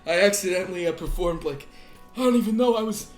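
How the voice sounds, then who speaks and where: A man's voice: high voice, quick pace, over loud music, voice pushed up, natural voice. A man doing a sheepish bumbling crook. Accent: put-on character accent. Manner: rambling, sheepish, apologetic. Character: hapless petty-crook man, sweaty, apologetic parolee. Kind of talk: improvised tabletop character voice.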